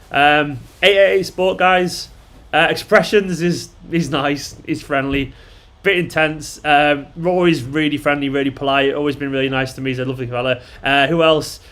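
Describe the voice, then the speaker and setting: A man's voice: fairly high pitch, a bit bright. Sweary chatty man. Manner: chatty, blunt, sweary, rambling with fillers. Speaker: fan channel host. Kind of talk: casual live-stream chat.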